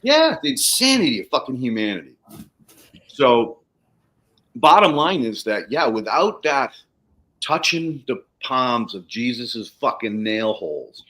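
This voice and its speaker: A man's voice: medium pitch, big pitch swings, takes it slowly, fairly bright tone, poor audio. A man hosting a casual livestream chat, telling stories animatedly, acting out the people he quotes and swearing freely. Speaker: podcast host, soil treatment practitioner.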